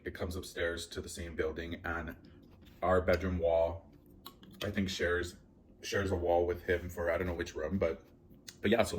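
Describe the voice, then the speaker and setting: Deep-voiced man rambling through a story. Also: a little hiss or hum. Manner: rambling, filler-heavy, anxious retelling. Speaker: vlogger. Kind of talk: casual storytelling mukbang. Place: at home, indoors.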